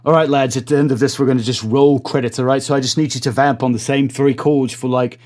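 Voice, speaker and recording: A man's voice: medium pitch, steady tone, fast talker, darkish tone, voice pushed down, close to an everyday voice. A man faking a bossy British TV director. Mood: coaxing. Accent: mock British, self-admittedly bad. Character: rough British TV director, male adult, pushy.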